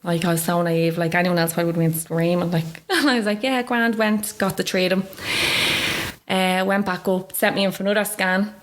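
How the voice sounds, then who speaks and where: A woman's voice: fairly low pitch, steady tone, brisk, a little hiss or hum. A woman in her thirties with a Dublin Irish accent, telling her story in a chatty interview, full of "like" and quoted dialogue. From Ireland. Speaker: guest.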